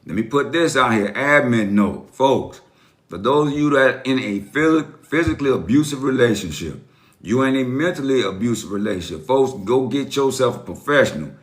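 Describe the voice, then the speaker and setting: This middle-aged life coach runs a casual livestream, welcoming viewers by name and echoing phrases like a preacher. His voice sits at medium pitch and sounds animated, moving at a moderate pace.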